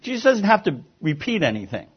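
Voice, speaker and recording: A man's voice: high voice, big pitch swings, brisk, breathy edge, lo-fi sound. A man preaching a sermon as pastor, earnest and emphatic, sometimes stumbling over repeated words.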